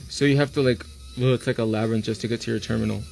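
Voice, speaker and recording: A man hosting a live stream and chatting casually while he works on a client's nails, telling stories in an animated way. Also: mid-range voice, very fast, gravelly. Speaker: nail artist and host.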